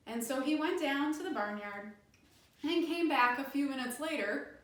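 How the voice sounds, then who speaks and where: A woman librarian telling a folk tale for children, animated and inviting them to join in, in an echoey room from a distance. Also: sits high, moderate pace. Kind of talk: children's storytime narration.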